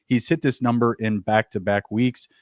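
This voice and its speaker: A man co-hosting a sports betting show, laying out player props and teasing his co-host in quick banter. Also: mid-range voice, fairly even intonation, no room sound, studio quality. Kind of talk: casual sports betting chat.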